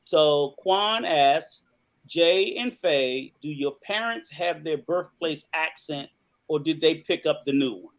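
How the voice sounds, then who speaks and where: A man with a slightly raised pitch hosts a relaxed group chat. He talks loosely, circling back and restarting, and drops curse words without a thought. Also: slow pace. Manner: loose, rambling, swears casually. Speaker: podcast host. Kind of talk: casual chat.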